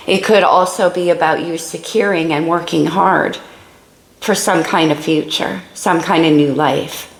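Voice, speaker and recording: Creaky-voiced woman reading tarot. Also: fairly low pitch, roomy sound, low-quality recording. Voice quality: creaky morning voice. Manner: musing and exclamatory, thinking aloud over cards. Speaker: tarot reader. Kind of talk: casual tarot reading to camera.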